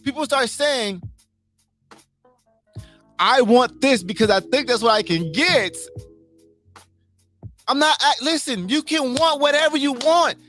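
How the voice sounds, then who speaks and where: A man's voice: very high-pitched, a bit bright. A man hosting a casual motivational livestream, emphatic, repeating his points and asking his listeners questions.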